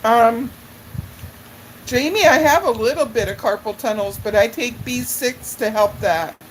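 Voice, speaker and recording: A middle-aged woman with a somewhat high voice chats her way through viewer comments on her live stream, calling people by name and wandering from story to story. She takes her time, talking at an unhurried, drawn-out pace. A faint hiss of noise sits under her voice. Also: low-quality recording. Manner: chatty and rambling, addresses viewers by name. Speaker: livestream host. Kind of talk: casual chat answering viewer comments.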